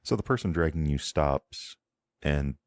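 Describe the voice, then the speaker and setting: A man's voice: very deep voice, expressive, a little slow, a little mellow, no room sound, clean studio sound. A man as game master, narrating a tabletop game in a meandering, descriptive way, often searching for words.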